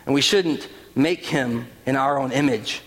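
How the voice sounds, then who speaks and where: A man preaching a sermon as pastor, animated, with rhetorical questions and quoted voices. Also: medium pitch, a little slow, husky. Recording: long reverb of a large hall.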